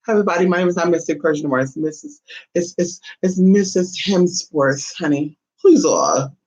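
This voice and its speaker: A woman vlogger in casual chat to camera, sassy and chatty, calling her listeners honey and swinging her voice between high and low. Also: lively intonation, normal speed, a little mellow, lo-fi sound.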